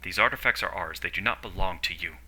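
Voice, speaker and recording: Stern operative guy, curt and proud, a man doing him, low voice. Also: fast talker, pushed and bright, exaggerated voice. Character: stern accented male operative.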